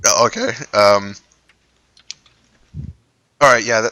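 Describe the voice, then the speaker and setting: A man's voice: fairly low pitch, unhurried, pauses often, pushed and bright, no room sound. A young man running a tabletop game as dungeon master, hesitant and full of fillers. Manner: hesitant, many fillers and restarts, laughs often. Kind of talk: casual tabletop game talk.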